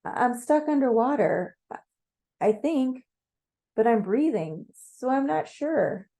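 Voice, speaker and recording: A woman's voice: on the high side, expressive, takes it slowly, warm tone, pitched above the performer's own voice. A woman voicing a confused, overwhelmed young woman in a guided meditation, hesitant and stammering. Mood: unsure. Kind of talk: guided meditation role-play.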